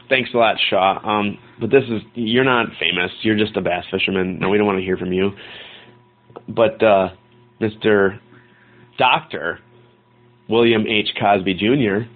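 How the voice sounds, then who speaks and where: A man's voice: fairly low pitch, unhurried, long pauses. A man hosting in a dry, teasing comic style. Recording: tinny phone-like sound.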